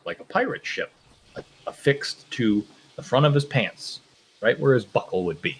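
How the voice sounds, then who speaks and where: A man's voice: medium pitch, animated, moderate pace, poor audio. Man, podcast co-host, casual chat, playful joke-teller, faint background noise. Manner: laughing storyteller telling a groaner joke.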